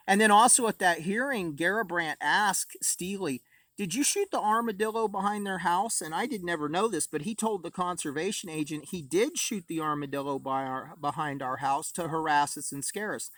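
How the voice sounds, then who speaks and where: A man's voice: a little high, fairly bright tone, no room sound. A man rambling in a casual vlog monologue, aggrieved and full of filler words, filmed outdoors on a phone. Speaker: vlogger. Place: outdoors by a camper at home.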